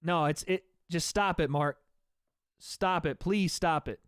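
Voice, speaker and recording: A young man calls a fight live for his stream chat in a slangy, unfiltered way. His voice sits a little high and comes through smooth and resonant, recorded dry and close. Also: a little slow, dry recording. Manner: loose and slangy, swears, talks back to chat. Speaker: streamer hosting a fight watch party.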